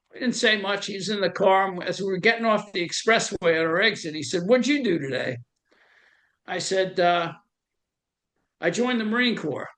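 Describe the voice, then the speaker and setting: An older man, talking through his memories in a relaxed oral history interview. His voice sits high for a man. He slips into the voices of the people he quotes as he goes. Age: 70s. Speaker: veteran interviewee.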